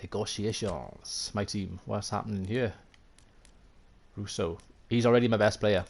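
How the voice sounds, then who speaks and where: Low-voiced Welsh man streaming a game. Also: steady tone, moderate pace, creaky, darkish tone. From Wales. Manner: thinks aloud, chatty, self-mocking, answers chat. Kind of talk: live gameplay commentary.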